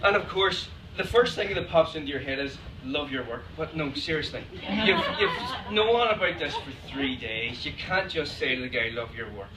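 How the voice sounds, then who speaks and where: Irish male storyteller, slightly high voice, distant and roomy, noisy recording. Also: expressive, normal speed, few pauses, crowd noise. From Ireland. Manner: chatty, laughs often, acts out quoted exchanges. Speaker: photographer giving a talk. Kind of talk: anecdotal storytelling to an audience. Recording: echoey room, distant mic, noisy.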